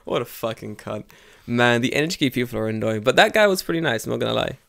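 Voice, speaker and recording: A man co-hosting a podcast, swearing freely as he tells animated stories. His voice sits at an ordinary middle pitch. He talks loosely, casually and profanely. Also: fast talker, vocal fry. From England. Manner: swears a lot, animated storytelling with put-on quoted voices. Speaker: podcast co-host. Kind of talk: casual chat.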